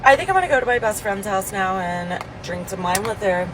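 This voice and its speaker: A woman's voice: medium pitch, expressive, a little fast, noisy background. Candid young woman, swearing freely. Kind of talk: storytime vlog.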